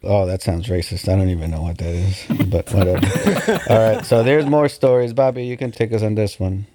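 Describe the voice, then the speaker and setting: A man's voice: on the low side, fairly even intonation, brisk, noisy background. A man hosting a podcast, bantering casually with his co-hosts, joking and swearing as he reads out news stories. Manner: joking, profane, laughs often. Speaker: podcast host.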